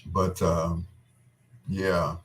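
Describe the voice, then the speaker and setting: A man with a low, deep voice speaks slowly as he fondly recalls a day that moved him. His talk halts and restarts, trailing off into pauses. He is tender and close to tears. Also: level tone. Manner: tender and tearful. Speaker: friend recalling a wedding. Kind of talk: casual heartfelt reminiscing.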